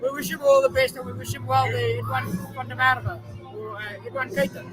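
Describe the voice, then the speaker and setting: A man's voice: very high voice, sing-song, brisk. A man giving casual live commentary on a rugby match, chatting with his viewers as he goes. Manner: chatty, talks to viewers and chat. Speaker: fan streaming live commentary. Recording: loud match crowd and music behind. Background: stadium crowd and music from the broadcast.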